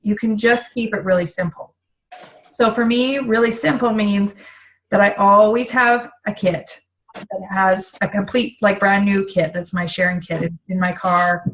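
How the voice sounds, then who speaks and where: A middle-aged woman talks casually to a group she is training. She is chatty and full of asides, and her voice sits at an ordinary pitch for a woman. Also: steady tone, measured pace, a bit bright, poor audio. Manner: chatty, many fillers and asides. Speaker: essential oils business trainer.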